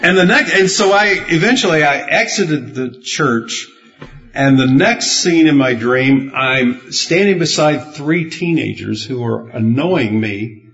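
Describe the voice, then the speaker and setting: Male pastor, unhurried folksy sermon delivery with chuckles, lo-fi sound. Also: fairly high pitch, lively intonation, fairly bright tone. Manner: rambling, good-humored storytelling with chuckles. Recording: dull, muffled lo-fi sound.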